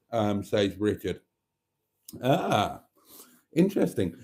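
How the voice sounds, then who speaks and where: A British man hosting a casual livestream, reading viewer comments aloud and joking back, with chuckles and throat-clearing. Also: fairly low pitch, very animated, slow, pauses often, warm tone. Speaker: livestream host.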